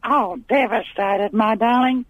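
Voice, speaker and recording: Fields: Figure: gushing grand old lady caller played by a man. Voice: very high. Line: dull phone. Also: a little slow, no echo. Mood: flirtatious. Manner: gushing, talks over the host, calls him darling. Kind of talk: comic phone-in character.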